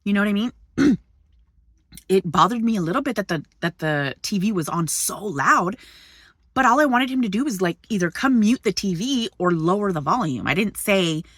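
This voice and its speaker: A young woman vlogger casually retelling an argument from the passenger seat of a parked truck, animated and indignant, swearing freely. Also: medium pitch, moderate pace, slightly rough, no room sound, clean studio sound. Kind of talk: casual storytelling vlog.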